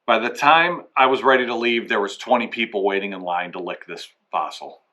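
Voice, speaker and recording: Man, comic storyteller, rambling anecdote, fairly low pitch, bright tone. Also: fairly quick, lo-fi sound. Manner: rambling, acts out both sides of conversations. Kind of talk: comedic anecdote monologue.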